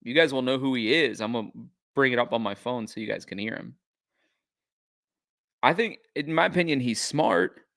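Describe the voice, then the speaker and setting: A man's voice: mid-range voice, lively intonation, normal speed, creaky, long pauses, a bit bright. A man hosting a live-stream reaction commentary, incredulous and mocking.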